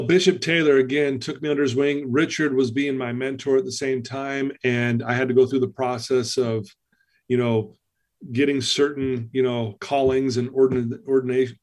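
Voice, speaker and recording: A man's voice: medium pitch, a little mellow. A middle-aged man, a personal-development coach, tells his life story as a podcast guest, acting out the dialogue.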